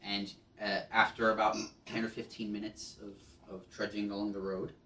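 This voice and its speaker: A man's voice: fairly low pitch, little pitch movement, moderate pace, pushed and bright, echoey room, distant mic. A man narrating a tabletop game as game master, hesitant with many ums and restarts.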